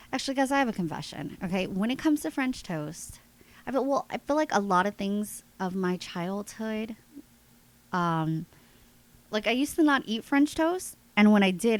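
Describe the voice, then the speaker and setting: A woman's voice: mid-range voice, low-quality recording. Chatty congested woman in her thirties. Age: 30s. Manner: chatty, animated, laughs often, addresses listeners as guys. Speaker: podcast host. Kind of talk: casual storytelling monologue.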